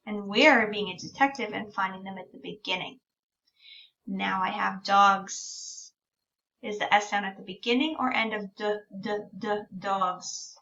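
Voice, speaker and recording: Woman teacher, speech-sound lesson for small kids, very slow, sounds out words, dull distant recording. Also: medium pitch, pushed and bright.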